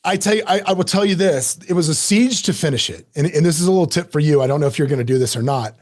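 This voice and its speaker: A middle-aged man telling a story as a podcast guest, lively and self-mocking, acting out quoted lines. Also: a little high, fast. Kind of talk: animated storytelling in an interview.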